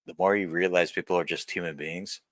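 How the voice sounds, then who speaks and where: Blunt, profane man with a deep voice. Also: steady tone, brisk, a bit bright, dry recording. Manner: blunt and profane, rambling with restarts. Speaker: vlogger. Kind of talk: candid personal vlog rant.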